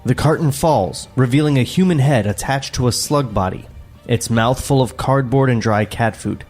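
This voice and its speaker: A man's voice: mid-range voice, normal speed, darkish tone, soft background music. A man co-hosting a comedy table read, narrating stage directions plainly with joking asides. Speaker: co-host and narrator. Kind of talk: reading stage directions aloud.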